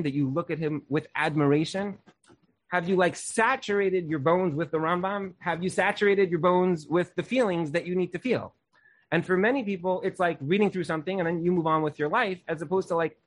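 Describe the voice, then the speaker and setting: A young man teaching a Torah class in an earnest, casual way, often saying "like". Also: fairly high pitch. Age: young adult.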